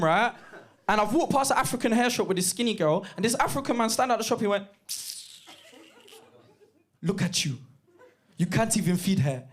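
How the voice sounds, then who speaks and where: A man performing a lively stand-up set, telling stories with shouted impressions. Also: high-pitched. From Jamaican heritage, East London. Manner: animated storytelling with bursts of shouted impressions. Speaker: stand-up comedian. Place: comedy club stage. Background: audience laughter.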